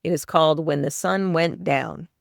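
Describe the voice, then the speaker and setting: Woman retelling book chapters on her podcast, smooth clear voice, dry close sound. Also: low-pitched, normal speed, no room sound. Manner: plain storytelling with brief asides. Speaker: podcast host summarizing a novel.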